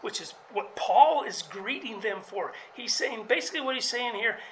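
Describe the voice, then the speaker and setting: An earnest preacher walks through a Bible passage, explaining it for the congregation. The voice sits in a middle pitch, and a faint hum of background noise runs underneath. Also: expressive, normal speed, hardly any pauses, low-quality recording. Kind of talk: sermon.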